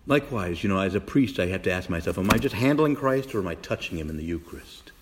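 A man's voice: sits low, fast, background noise. A middle-aged man, a priest, preaching a sermon with emphatic repetition and direct questions to the congregation. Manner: animated preaching, repeats phrases for emphasis.

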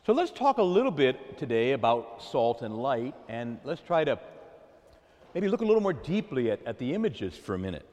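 A man preaching a sermon to a congregation, animated, drawing them into call-and-response. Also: medium pitch, moderate pace, muffled recording. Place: church. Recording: long hall reverb.

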